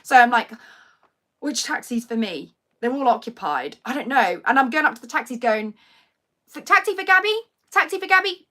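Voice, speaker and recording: Bright-voiced woman telling a story. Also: fairly high pitch. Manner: animated storytelling, acts out quoted voices. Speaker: livestream host. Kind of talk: casual chat.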